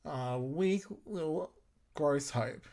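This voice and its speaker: A man's voice: fairly high pitch, slow pace, vocal fry, a little mellow. A man hosting a watch-along episode commentary podcast, sarcastic and playful, talking back at the screen. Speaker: podcast host.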